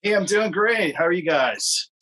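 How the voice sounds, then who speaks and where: A man's voice: high-pitched, expressive, normal speed, bright, forceful tone, low-quality recording. A man, a guest musician on a podcast, explaining things in a friendly, articulate way. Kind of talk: podcast interview.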